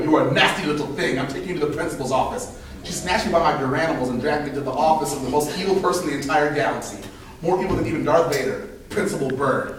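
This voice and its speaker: A man in his thirties tells a personal story live at an open mic, animated, acting out voices and laughing between lines. His fairly high voice comes from a distant mic in a very echoey room. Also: a little hiss or hum. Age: 30s.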